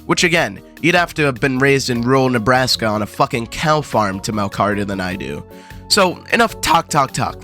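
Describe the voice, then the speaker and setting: Sarcastic, foul-mouthed young gaming host. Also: male voice, medium pitch, sharp tone. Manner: crude, profane, mock-dramatic.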